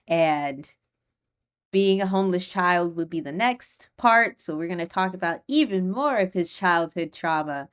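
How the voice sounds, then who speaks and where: A woman's voice: lowish voice, a bit bright, smooth. A young woman hosting her own podcast, talking casually and rambling, with many fillers and frequent nervous laughs. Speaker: podcast host. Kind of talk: casual solo podcast talk.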